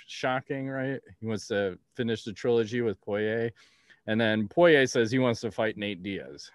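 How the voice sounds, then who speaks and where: A man's voice: lowish voice, dry recording, studio quality. A man hosting a podcast in casual chat, blunt and rambling, swearing freely. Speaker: podcast host.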